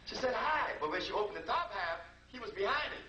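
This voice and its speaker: A man's voice: sits high, animated, quick pace, pushed and bright. A man giving a talk to a live audience, telling a personal story in a conversational, repetitive way. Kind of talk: anecdotal lecture storytelling. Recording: roomy, distant, noisy live recording.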